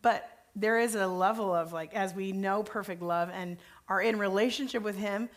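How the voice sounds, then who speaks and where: A woman of average pitch speaking as a pastor in a frank, informal conversation. Her delivery is casual and full of little conversational fillers. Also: moderate pace. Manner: candid, informal, uses "like" and "you know" often. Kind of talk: conversational faith talk.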